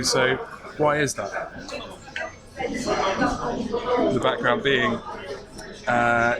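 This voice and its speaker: A man from America with an American accent, chatting casually with many fillers and restarts. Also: mid-range voice. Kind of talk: casual chat. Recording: loud crowd chatter behind.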